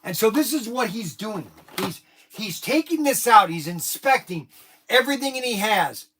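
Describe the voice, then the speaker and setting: A middle-aged man who owns a hobby shop, telling an animated, rambling story to the camera with lots of restarts. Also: high voice, normal speed, a little hiss or hum. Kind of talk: casual talk to camera.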